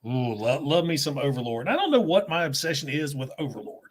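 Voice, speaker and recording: Chatty Southern man, slightly high voice. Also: lively intonation. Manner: chatty, laughs often, quick storytelling. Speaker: host. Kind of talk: casual livestream chat.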